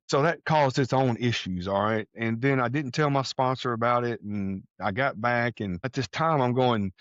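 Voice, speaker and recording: A man from Texas telling a personal story on a podcast, animated, acting out the voices of people he quotes. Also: mid-range voice, fairly quick, dry recording, muffled recording. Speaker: podcast guest. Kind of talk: casual storytelling.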